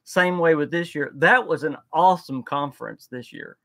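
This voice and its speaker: A man chats casually on a live reaction stream, eager and rambling, often restarting his sentences. His voice sits a little high and has a gravelly, fry-laden edge. The sound is dry and close, with no room echo at all. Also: normal speed, a bit bright. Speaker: livestream co-host.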